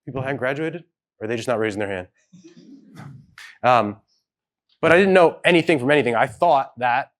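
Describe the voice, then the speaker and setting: A man speaking at a live event, telling a personal story in a loose, conversational way and acting out the people he quotes. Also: mid-range voice. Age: adult with children. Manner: conversational, hedging, acts out quoted dialogue. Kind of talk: storytelling keynote talk. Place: event hall with audience.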